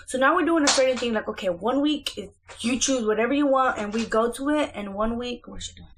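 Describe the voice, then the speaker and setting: A woman's voice: on the high side, a little fast, hardly any pauses, background noise. A young woman, a mother, chatting casually through a home vlog update in her kitchen, rambling with lots of fillers and restarts.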